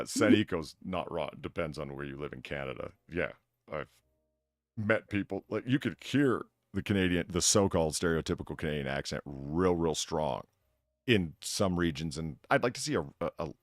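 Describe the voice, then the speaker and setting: A man with a very low voice chats casually and wanders off on tangents, his pitch swinging up and down with lively expression. The sound is close and dry, with no room around it. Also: normal speed, dry recording. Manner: rambling, tangential, laughs often. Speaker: host and bartender of a live show. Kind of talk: casual chat.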